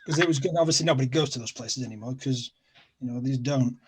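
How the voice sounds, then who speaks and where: A man's voice: mid-range voice, quick pace, slightly rough. A middle-aged man from England with a Sheffield accent, a guest in a casual chat, rambling and repeating himself with plenty of fillers. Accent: Sheffield, South Yorkshire.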